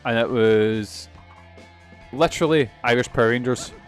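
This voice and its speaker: A man's voice: mid-range voice, normal speed, faint music behind. A young man streaming a video game, rambling and swearing often in casual, self-mocking chatter. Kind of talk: casual let's-play commentary.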